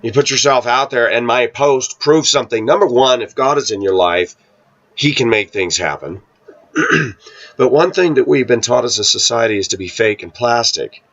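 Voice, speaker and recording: A man talking casually to his viewers, telling a rambling personal story and often clearing his throat. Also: medium pitch, lively intonation, normal speed, fairly bright tone, dull audio. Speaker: vlogger. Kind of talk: casual monologue to camera.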